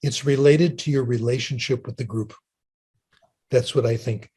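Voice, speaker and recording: A man's voice: medium pitch, fairly even intonation, moderate pace, mellow, breathy edge. An older man giving a lecture and answering audience questions, chatty and storytelling, often asking "okay?". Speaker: linguist giving a talk.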